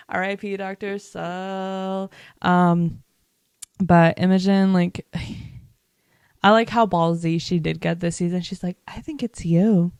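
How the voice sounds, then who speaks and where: A woman's voice: on the low side, a little mellow, clear, resonant tone, no room sound. A young woman vlogger chatting casually about a TV series, emphatic and full of "like" and swearing. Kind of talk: casual reaction chat.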